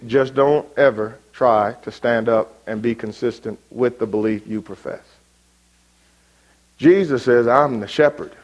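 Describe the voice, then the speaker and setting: A man preaching an evening sermon, rising sharply when quoting and dropping soft and low for his appeals. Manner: emphatic, rises sharply on quoted words, drops low for appeals.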